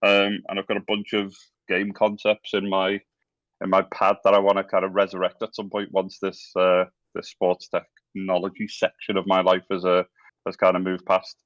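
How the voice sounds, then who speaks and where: A man's voice: deep voice, completely flat delivery, moderate pace, fairly bright tone, no room sound, muffled recording. A man in his forties with a Scouse accent, a guest on a podcast, talking hesitantly with many ums and restarts. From England. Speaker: guest, former game developer. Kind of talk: casual interview talk.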